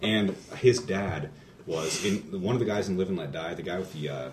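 A man hosting a podcast, talking in casual chat with halting, rambling storytelling and many restarts. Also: low-pitched, roomy sound, recorded from a distance, noisy background. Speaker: podcast host.

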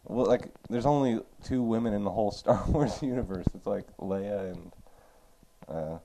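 Low-voiced man chatting over noise. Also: normal speed, creaky. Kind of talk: casual chat.

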